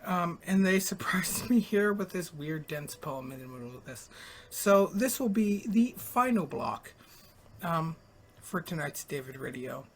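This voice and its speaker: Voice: medium pitch, expressive, a little slow. A late-night radio host in casual live talk, with a voice in the middle range. The delivery is rambling and frank, and casual swearing comes in easily.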